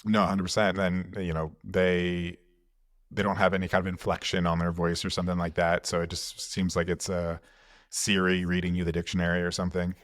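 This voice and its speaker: Man, podcast host, very low voice, thoughtful rambling questions, dry sound. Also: flat delivery, a little fast, no room sound. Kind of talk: casual interview conversation.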